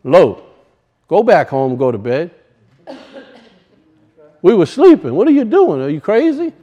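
Sleepy, dismissive men woken at night, put on by a Cajun preacher, soft and incredulous. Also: male voice, high voice, very animated, measured pace, full character voice. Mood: groggy, dismissive.

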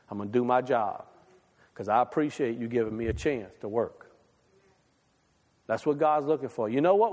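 A man preaching a sermon to his congregation, folksy and conversational, swinging between loud and quiet. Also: a little high, big-room sound. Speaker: pastor. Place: church sanctuary.

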